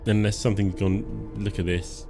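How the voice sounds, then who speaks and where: Male streamer, lowish voice, loose and jokey, quiet game music underneath. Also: steady tone, normal speed, creaky. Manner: joking, chuckles often, self-talk while playing. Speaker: live-stream gamer. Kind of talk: casual live game commentary.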